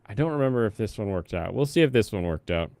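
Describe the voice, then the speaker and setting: A man's voice: fairly low pitch, animated, fast talker, a little mellow, no echo. A man chatting casually on a live stream, rambling between topics and humming to himself.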